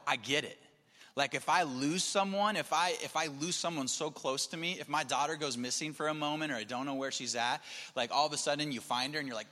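A pastor with a fairly high, sharp-toned voice delivers an earnest, conversational sermon, repeatedly restarting phrases. A long hall reverb surrounds the recording.

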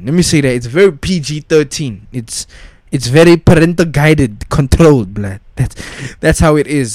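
Young male host, slightly high voice, slangy rambling delivery, dry close recording. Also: no room sound. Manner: slangy, repetitive restarts, frequent "bruh" and "dog". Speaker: podcast host. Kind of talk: casual rant about pop culture.

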